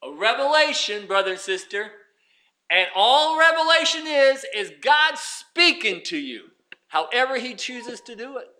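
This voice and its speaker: A man preaching a sermon, swinging from loud emphatic lines to hushed, almost whispered ones. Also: extremely high pitch. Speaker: pastor.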